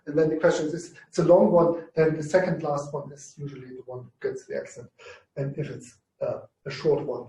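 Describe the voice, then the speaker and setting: A man teaching Greek to a class, explaining rules in halting phrases and often repeating himself. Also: on the high side, mellow. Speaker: Greek lecturer. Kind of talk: university class discussion. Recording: roomy, distant mic.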